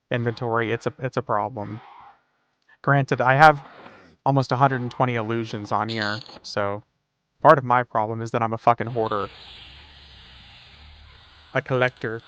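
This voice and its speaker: The recording is muffled with a little hiss or hum, carrying a slightly bright, mid-range male voice. He's streaming a game live, relaxed and joking, swearing freely and dropping "dude" often.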